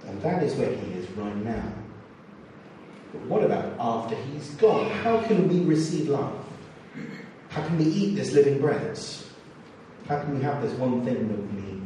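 A man preaching a sermon in a church, expressive and acting out the quotes he reads. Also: medium pitch, measured pace, a little hiss or hum. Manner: expressive, acts out scripture quotes. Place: church or hall. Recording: echoey hall, distant mic, faint ambience.

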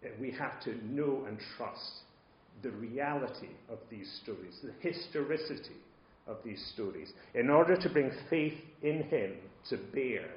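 Roomy-sounding male preacher. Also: mid-range voice. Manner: dynamic, swings from quiet asides to loud emphasis. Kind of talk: sermon. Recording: roomy, slightly dull sound.

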